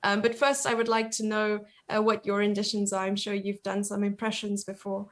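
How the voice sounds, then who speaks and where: A woman from Africa, a chess coach chatting as a guest in a casual interview, upbeat and quick to laugh. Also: medium pitch, level tone. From South Africa.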